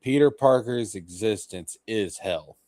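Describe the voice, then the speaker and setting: A man's voice: lowish voice, a little slow, darkish tone, no echo. A man co-hosting a casual chat, blunt and emphatic, swearing freely. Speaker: co-host.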